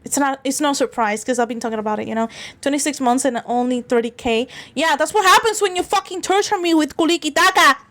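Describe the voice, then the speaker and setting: Giggly high-voiced woman streamer. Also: quick pace, a bit bright. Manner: giggly, rambling, crude and teasing; stammers and restarts often. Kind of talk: casual livestream chat.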